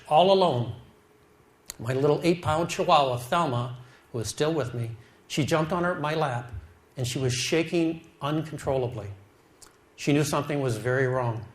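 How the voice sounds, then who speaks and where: A middle-aged man giving an emotional personal testimony, storytelling slowly and dropping quiet at the saddest moments. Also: on the high side. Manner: slow, heartfelt storytelling, drops quiet at sad moments. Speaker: speaker telling his life story.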